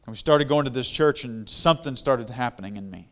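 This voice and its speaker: A middle-aged guest pastor with a smooth, resonant voice at an ordinary pitch for a man. He tells his own story plainly and conversationally, then rises into louder, fervent preaching. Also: brisk. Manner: conversational testimony, grows louder and more fervent when preaching. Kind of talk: storytelling sermon.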